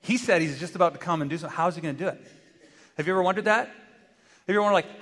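A man preaching a sermon as pastor, animated, acting out dialogue and asking his listeners rhetorical questions. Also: high voice, rapid-fire, long pauses. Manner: animated, acts out dialogue with God in varied voices; asks the congregation rhetorical questions. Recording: long hall reverb.

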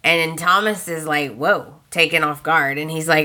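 A woman hosting a podcast, casually retelling soap opera scenes in an animated way and acting out the characters' lines. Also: low voice, normal speed. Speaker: podcast host.

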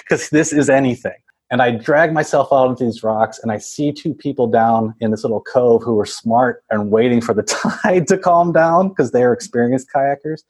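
Guy rambling thru a story w lots of likes and ums, kinda husky voice, laughs here and there. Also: mid-range voice, moderate pace, few pauses, a little mellow. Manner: rambling, laughs often, acts out voices of others. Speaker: guest telling a story. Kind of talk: casual storytelling.

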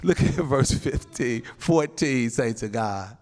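A male pastor preaching a sermon, animated, often calling out to the congregation and breaking into shouts and laughs. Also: mid-range voice, slow. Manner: calls out to the congregation.

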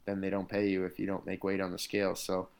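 Here a man with a low, clean, slightly mellow voice speaks quickly in a monotone. He's an MMA fighter on an interview, spinning rambling career anecdotes in casual conversation, full of "like" and "you know."

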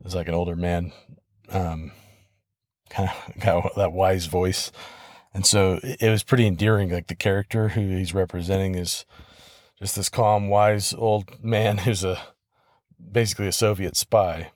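A man with a fairly low voice hosts his own podcast and tells a story in a loose, easygoing way. He laughs softly now and then and restarts phrases as he goes. He speaks close to the microphone in a dry, deadened room. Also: a little slow, no echo. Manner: relaxed and conversational, with soft laughs and restarts. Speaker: podcast host. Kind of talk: casual solo podcast storytelling.

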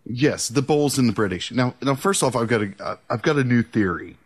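A man's voice: mid-range voice, animated, a little fast, breathy edge. A middle-aged man co-hosting a podcast in casual banter, rambling and stammering through crude jokes. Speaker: podcast co-host.

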